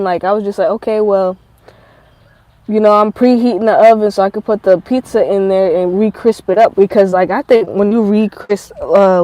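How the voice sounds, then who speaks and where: A woman's voice: medium pitch, dry recording, low-quality recording. A woman vlogger telling rambling, profane stories in a casual monologue. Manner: profane, rambling, animated storytelling.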